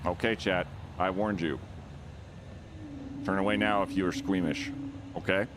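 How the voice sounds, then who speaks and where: A man's voice: sits low, fairly even intonation, unhurried, noisy background. A man streaming a video game, chatting with his viewers in a playful, jokey way. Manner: playful, jokey, shrieks and laughs. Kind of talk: casual live-stream chat.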